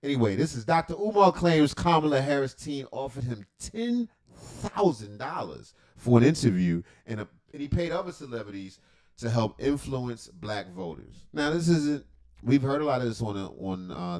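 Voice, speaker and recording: A man's voice: mid-range voice, sing-song, normal speed, darkish tone. A man hosting a livestream reaction, talking in a rambling, profane, joking way with lots of asides. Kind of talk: casual reaction commentary.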